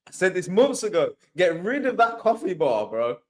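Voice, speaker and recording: A young man mocks and tells stories in casual fan banter. His voice is high and bounces a lot in pitch. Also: sing-song, moderate pace. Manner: mocking, storytelling. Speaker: panelist.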